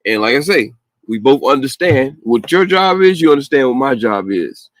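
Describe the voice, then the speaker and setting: A man's voice: mid-range voice, animated, moderate pace, no echo. A man hosting a podcast, talking bluntly and profanely in a loose casual rant, mocking others in quoted voices. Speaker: podcast host.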